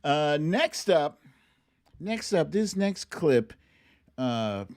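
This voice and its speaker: A man's voice: a little high, very animated, very slow, a little mellow. A man hosting a livestream, chatting casually about politics, laughing often and drawling when he mocks something. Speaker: livestream host.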